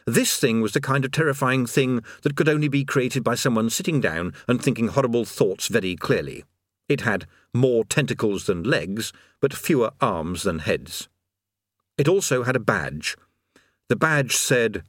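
A man narrating an audiobook in a wry, expressive storytelling manner, close on a studio mic. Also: medium pitch, normal speed, no room sound. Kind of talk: scripted narration.

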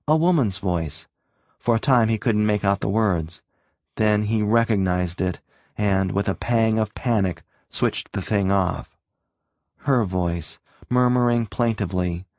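A man narrating a story in a steady, measured reading voice. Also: fairly low pitch, dry recording, clean studio sound. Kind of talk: audiobook narration.

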